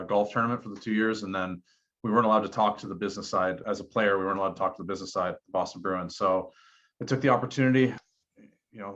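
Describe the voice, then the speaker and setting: A man's voice: on the low side, a bit bright. A man speaking as a podcast guest, telling personal stories in an earnest, reflective way. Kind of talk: casual interview talk. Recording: dull lo-fi podcast audio.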